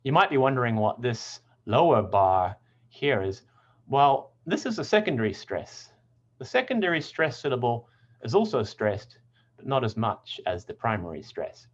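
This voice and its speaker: A man teaching English pronunciation in a scripted lesson, speaking clearly and deliberately and stressing example words. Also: medium pitch, very animated, muffled recording.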